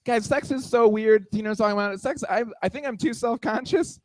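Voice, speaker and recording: A young man in his twenties does a stand-up set in a small bar, mocking himself and the room around him. His voice sits high for a man. The sound is dry and close, with little room echo. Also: a little fast, a little mellow. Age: 20s.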